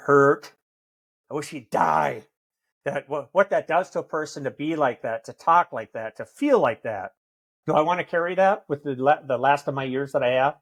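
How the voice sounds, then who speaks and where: Man, podcast guest, candid, heavy cursing, earnest, slightly high-pitched. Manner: blunt, heavy swearing; earnest, intense. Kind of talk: candid interview conversation.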